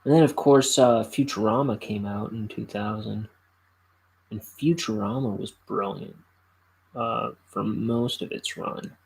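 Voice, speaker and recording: A young man hosting a solo podcast, chatting casually in a halting, rambling way full of fillers. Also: lowish voice, creaky, darkish tone, poor audio. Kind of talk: casual chat.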